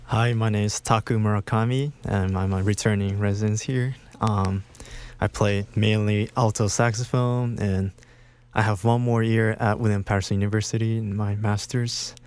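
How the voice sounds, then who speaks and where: A man's voice: on the low side, level tone, moderate pace, darkish tone, clean tone. A man, an alto saxophonist, introducing himself politely.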